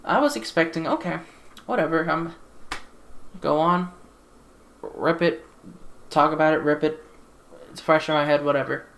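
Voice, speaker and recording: A woman's voice: deep voice, normal speed, pauses often, fairly bright tone. A woman giving a casual, exasperated film review into a desktop USB microphone while seated at home, repeating herself and swearing. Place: sitting in a chair at home.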